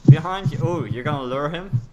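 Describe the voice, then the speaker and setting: A man's voice: fairly high pitch, brisk, muffled recording, a crowd in the background. Playful man gaming. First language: Dutch. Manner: playful, excitable, jokey. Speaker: gamer. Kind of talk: casual gameplay chat. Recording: clear background noise.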